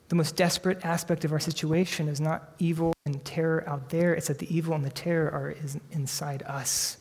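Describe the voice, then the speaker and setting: With his words echoing at length as though through a church sanctuary, a pastor delivers an earnest sermon in a somewhat high voice. He climbs to emphatic high points before easing down to quiet, hushed phrases.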